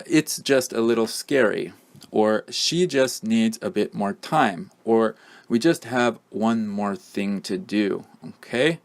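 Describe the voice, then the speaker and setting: Man, English teacher, patient explaining, lowish voice, lots of ums. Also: creaky. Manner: patient, repeats examples with frequent ums. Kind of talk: explanatory lesson.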